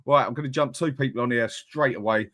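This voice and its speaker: A man runs a casual live call-in stream, chatting away and reading viewers' comments aloud with frequent laughs. His voice sits at an ordinary middle pitch. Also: brisk, fairly bright tone. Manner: chatty, laughs often, reads chat aloud. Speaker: host of a fan call-in livestream.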